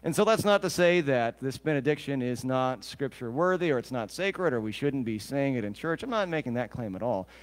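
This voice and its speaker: Brief: male pastor at a mid pitch, preaching casually with humorous asides and questions to the room, long church reverb. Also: animated, fairly quick, hardly any pauses. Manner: conversational, joking asides, questions the congregation. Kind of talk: sermon.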